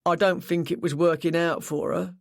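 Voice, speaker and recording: A man's voice: fairly high pitch, normal speed, vocal fry, no room sound, studio quality. Narrator voicing a curt, sullen young cyclist man. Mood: flat. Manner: flat, curt, mumbling replies.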